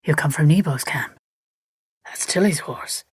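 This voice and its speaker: A woman doing a gruff, low-voiced angry man. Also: measured pace, no room sound, studio quality, exaggerated voice. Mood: terse. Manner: terse, growled through clenched teeth. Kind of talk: audiobook character voice.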